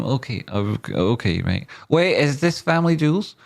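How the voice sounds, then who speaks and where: A man's voice: mid-range voice, big pitch swings, normal speed, gravelly. A man hosting a casual live stream, joking and teasing as he reads viewer comments aloud and hypes up a guess-the-tune game.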